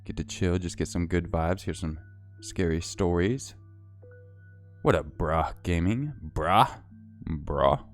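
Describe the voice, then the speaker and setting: A man hosting a livestream, chatting casually and reading out viewer comments and thanks in a relaxed, chatty way. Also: low voice, a little slow, faint music behind. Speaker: livestream host.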